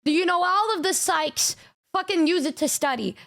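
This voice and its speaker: Young woman streamer with a high voice, chatty and animated, swears a lot and does voices when she quotes people. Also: normal speed, vocal fry. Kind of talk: casual stream reaction chat.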